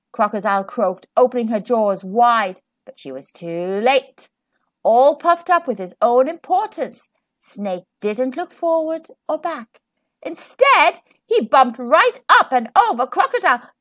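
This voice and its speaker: A woman reads a children's storybook aloud in a high voice that swoops widely up and down. She takes her time and leans into each sound effect with sing-song flair. The recording is dry and close. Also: expressive, a little slow, a bit bright, dry recording. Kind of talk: children's picture book read-aloud.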